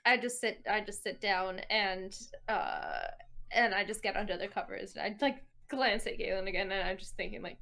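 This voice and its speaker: Speaking as her tabletop game character in the first person, this player talks at normal speed with a medium-pitched, sharp voice that has vocal fry. Her delivery is halting, packed with fillers and false starts.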